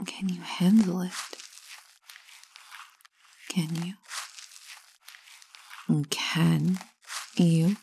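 A woman in a whispered role-play, speaking in a teasing, commanding way with a breathy whisper. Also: on the low side, little pitch movement, very slow, long pauses, warm tone, a little hiss or hum.

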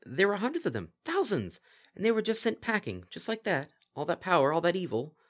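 A man voicing a bewildered, excitable young mare in a storybook reading, stammering questions. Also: high-pitched, fairly quick, pitched above the performer's own voice, exaggerated voice. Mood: flustered.

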